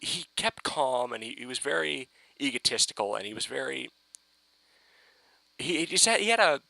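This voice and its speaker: Man, rambling excitable fan rant, gravelly edge, lively up-and-down delivery. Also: medium pitch, normal speed, no echo, rough recording. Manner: excitable, rambling, swears, frequent restarts. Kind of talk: casual fan review rant.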